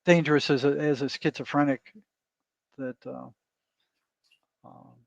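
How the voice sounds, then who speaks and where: A man's voice: medium pitch, steady tone, measured pace, vocal fry, no room sound. A man guest, a therapist, telling a story in casual interview talk and often adding "you know" and "right?". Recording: dull lo-fi dry sound.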